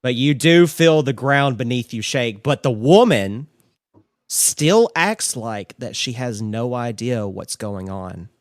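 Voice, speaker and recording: A man narrating as game master for a tabletop game, unhurried and measured, with frequent fillers. His voice sits at a middle pitch and sounds dry and close to the mic. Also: lively intonation, no echo.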